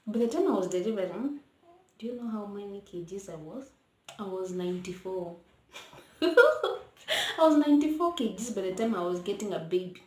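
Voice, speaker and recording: A young Kenyan woman vlogging casually from her child's bedroom, chatting and mixing English with Swahili, sometimes hushing her voice so the baby sleeps. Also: mid-range voice. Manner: hushed at times to let baby sleep. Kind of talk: casual storytime vlog. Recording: roomy echo, faint noise.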